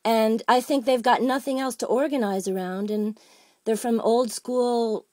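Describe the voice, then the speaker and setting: A woman's voice: fairly high pitch, steady tone, measured pace, dark tone, no room sound, clean studio sound. A woman calling in to complain, rambling and agitated, with many restarts. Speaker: caller. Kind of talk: phone-in complaint.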